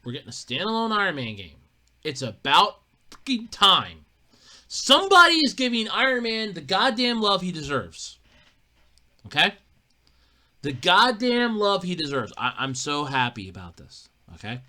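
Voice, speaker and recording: A solo podcast host with a bright, edgy tone and a lively voice that leaps up and down. They rant about gaming news in a profane, emphatic way, repeating themselves when worked up. Low mutters alternate with sudden loud outbursts. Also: moderate pace.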